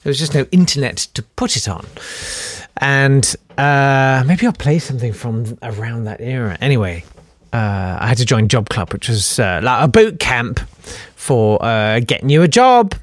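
A man's voice: mid-range voice, animated, moderate pace, no room sound. A middle-aged man with a posh southern English accent, telling a rambling, dry, self-deprecating story and hesitating often. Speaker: comedian. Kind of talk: rambling anecdotal monologue.

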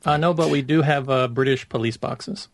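A gravelly-voiced American man chats on a podcast with dry, deadpan humor. His pitch sits in the middle range and the sound is dry and close. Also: moderate pace, no echo. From United States. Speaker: podcast co-host. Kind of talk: casual chat.

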